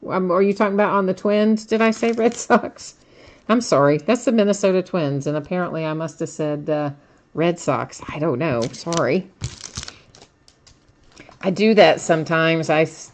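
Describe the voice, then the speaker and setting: A woman with a low voice hosts a live trading-card break. She chats casually, laughs often and reads out viewers' comments as she opens packs. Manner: chatty, laughs often, reads chat aloud.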